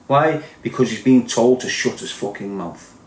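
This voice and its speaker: A man's voice: medium pitch, animated, moderate pace, slight background noise. Impassioned Liverpool man in echoey room. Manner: impassioned, blunt, sweary. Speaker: podcast host. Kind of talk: ranting podcast monologue.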